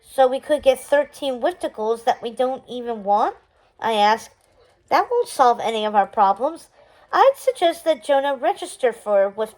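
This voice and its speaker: A woman reading a children's chapter book aloud in a steady, expressive storytelling manner. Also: on the high side, moderate pace, low-quality recording. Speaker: storybook reader.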